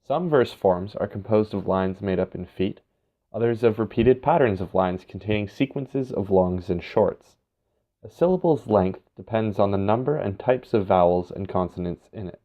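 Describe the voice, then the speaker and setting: A man giving a scripted educational narration in a measured, explanatory way. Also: fairly low pitch. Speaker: instructor. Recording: dull, lo-fi recording.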